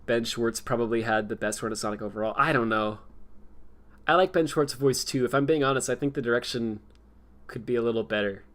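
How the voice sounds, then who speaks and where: A man's voice: mid-range voice, a little fast, a bit bright. A young man chatting casually on a stream, rambling and laughing often. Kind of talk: casual chat.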